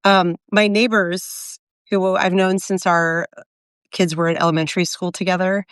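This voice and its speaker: A woman's voice: lowish voice, little pitch movement, normal speed, smooth, dry recording, studio quality. A woman in her forties in casual, reflective chat, rambling with many fillers and restarts. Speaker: co-host of a live video chat.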